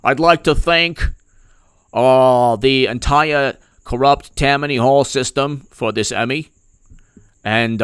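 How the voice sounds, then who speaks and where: A man putting on a boastful, smug male politician who gloats loudly as he thanks his voters. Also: mid-range voice, clean tone, dry recording, clean studio sound. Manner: mocking, gloating, loud.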